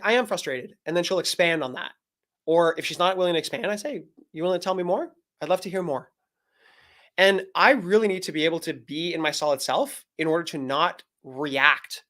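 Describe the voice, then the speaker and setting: A man's voice: a little high, fairly bright tone. A man, a men's coach and guest, explaining earnestly in a live video-call interview and acting out bits of dialogue.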